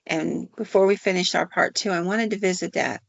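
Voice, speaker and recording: A woman's voice: lowish voice, steady tone, fairly quick, vocal fry, dry recording. Folksy woman telling a spooky tale. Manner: folksy, drawling, with fillers. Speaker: podcast host. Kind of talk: storytelling narration. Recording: dull, dry recording.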